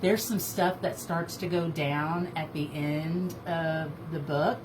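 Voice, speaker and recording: A woman co-hosting a casual book review chat, gushing and excitable. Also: sits low, takes it slowly. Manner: gushing, excitable, laughs and trails off. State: feverish. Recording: noisy home recording.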